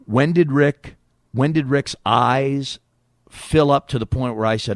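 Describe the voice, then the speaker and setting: A man hosting a casual comedy podcast, joking and rambling between quick impressions. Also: mid-range voice, dry recording, studio quality. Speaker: podcast host.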